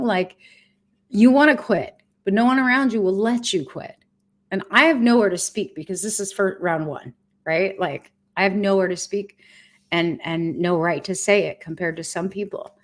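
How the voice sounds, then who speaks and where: A woman's voice: medium pitch, moderate pace. A woman in her fifties talking candidly to her viewers on a livestream, earnest, blunt and heartfelt. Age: 50s. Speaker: vlogger sharing her cancer treatment.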